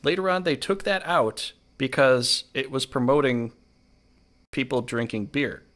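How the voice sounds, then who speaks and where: A man's voice: medium pitch, expressive, unhurried, fairly bright tone. Rambling man, casual podcast host. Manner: rambling, filler-heavy storytelling. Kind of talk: casual chat.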